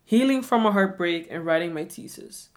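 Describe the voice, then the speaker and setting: A woman's voice: fairly low pitch, expressive, moderate pace. A woman in her twenties telling a personal story in a reflective way, often repeating questions to herself. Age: 20s. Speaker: vlogger.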